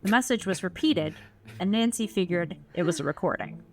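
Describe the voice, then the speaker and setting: A woman's voice: on the low side, expressive, fairly quick. A woman co-hosting a podcast, reading a novel aloud in a plain voice with chuckles between passages. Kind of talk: casual read-aloud with banter.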